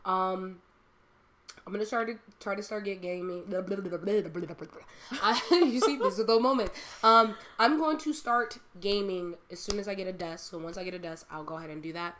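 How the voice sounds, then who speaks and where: A woman's voice: mid-range voice, brisk, pushed and bright, slight background noise. A young woman hosting a casual podcast chat, rambling and laughing often. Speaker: streamer and podcast host.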